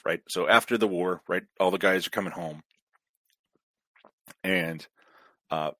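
A male guest on a talk stream, explaining at length in a steady lecturing way with fillers. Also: low voice, husky, dry recording.

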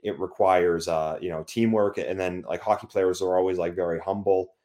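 A young Canadian man talking loosely in a casual chat, with a somewhat low voice. He stumbles through restarts and fillers, often breaking into laughter. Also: steady tone, normal speed, darkish tone.

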